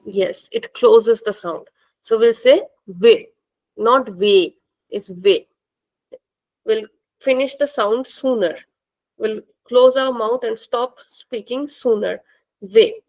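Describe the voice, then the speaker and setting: A woman teaching a language class, speaking slowly and patiently and repeating words for her students. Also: on the high side, darkish tone, poor audio.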